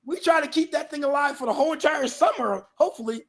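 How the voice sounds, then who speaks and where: A man in his fifties with a high voice tells a long story as a guest on an interview show. He is animated, peppers his talk with "you know" and drops lower to act out the people in his tales. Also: quick pace. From New Bedford, Massachusetts area.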